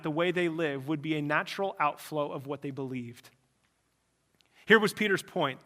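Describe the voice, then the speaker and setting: A man preaching a sermon at his church, animated and conversational, often acting out what imagined people would say. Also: a little high. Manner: animated, acts out imagined people in quick asides. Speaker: pastor.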